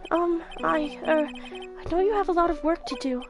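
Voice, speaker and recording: A woman's voice: very high-pitched, moderate pace, over music. A woman voicing a timid, nervous young man who talks shyly and apologetically with stammers.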